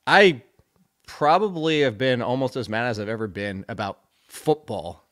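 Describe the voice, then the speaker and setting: A man's voice: mid-range voice, moderate pace, fairly bright tone. A man in casual podcast chat, ranting in a fired-up way and tripping over his words. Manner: fired-up ranting, tongue-tied, laughing at himself. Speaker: fantasy football analyst.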